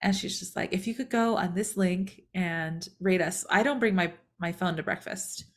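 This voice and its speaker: A chatty woman co-hosting a podcast, telling a story in a relaxed and conversational way. Her voice sits lower than most women's. She slips into the voices of the people she quotes. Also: moderate pace. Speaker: podcast co-host. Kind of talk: casual storytelling chat.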